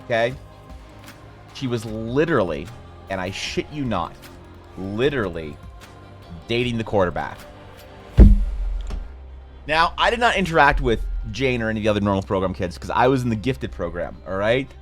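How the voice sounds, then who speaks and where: A man's voice: lowish voice, sing-song, normal speed, long pauses, a bit bright. A young man on a live art stream, telling a rambling, self-mocking story with some casual swearing. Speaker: streamer and artist. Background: faint music.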